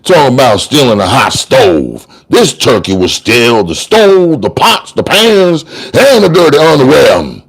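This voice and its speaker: A man's voice: on the high side, wildly swooping pitch, unhurried, pauses often, full character voice. A man voicing a street-smart male trial lawyer who argues in slangy, sing-song courtroom oratory. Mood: mocking. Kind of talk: dramatic audiobook reading.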